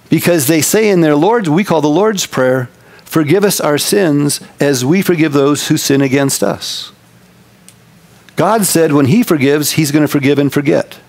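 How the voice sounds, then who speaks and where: Animated pastor preaching. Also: male voice, on the high side. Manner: animated, folksy, shifts between loud bursts and slow quiet emphasis. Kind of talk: sermon.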